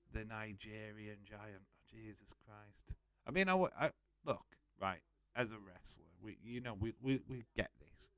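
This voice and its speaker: A man with a fairly low, slightly bright, resonant voice hosts a live wrestling watch-along, speaking slowly but animatedly. He chats casually and bluntly, swears freely, greets viewers, and reads out their comments. The sound is clear with no echo.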